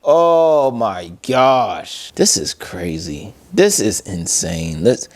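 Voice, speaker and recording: A man's voice: fairly low pitch, sing-song, drawn-out words. A man hosting a casual home product review vlog, chatting straight to viewers as he unboxes furniture at home. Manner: chatty, addresses viewers directly, frequent "you guys" and "bro".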